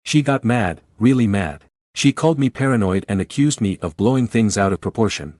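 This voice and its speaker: Low-voiced man narrating, dry sound. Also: lively intonation, fairly quick, darkish tone, no room sound. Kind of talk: reading a story aloud.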